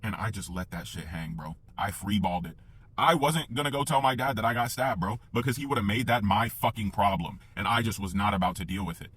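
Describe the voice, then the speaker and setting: Husky young man telling a wild story. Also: fairly low pitch, brisk, dry recording. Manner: profane, animated retelling that acts out the sounds of the story. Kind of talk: casual storytime monologue.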